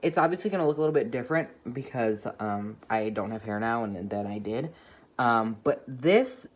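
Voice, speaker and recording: A woman's voice: extremely low pitch, animated, moderate pace. A young woman vlogging casually at home, rambling and self-deprecating, filling her talk with "like.". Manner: rambling, heavy use of "like". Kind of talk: casual vlog update.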